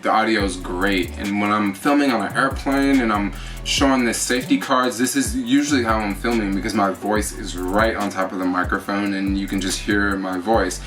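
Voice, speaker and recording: A man's voice: lowish voice, steady tone, normal speed, a bit bright, far from the mic, faint music behind. A man vlogging casually while demonstrating his camera setup, rambling with fillers, talking into a small camera mic. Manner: chatty, rambling, lots of fillers. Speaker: travel vlogger. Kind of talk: casual gear demo. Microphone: GoPro with attached shotgun mic.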